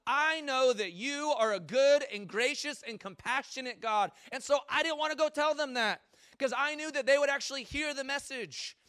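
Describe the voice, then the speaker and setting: A man's voice: very high-pitched, normal speed, pushed and bright, voice pushed up. A man doing a pouty, whiny prophet. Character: pouty, resentful grown male prophet.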